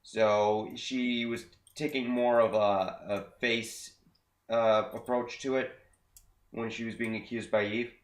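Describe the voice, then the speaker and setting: A young man co-hosting a casual podcast, recapping with frequent fillers and halting restarts. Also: mid-range voice, little pitch movement. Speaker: podcast co-host. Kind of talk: casual chat recapping wrestling. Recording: echoey room.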